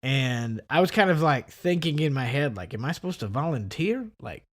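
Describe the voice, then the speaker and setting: A man co-hosting a podcast, telling a story in casual chat and acting out the people in it. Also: normal speed. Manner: animated, acts out quoted people with big pitch jumps. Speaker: podcast co-host.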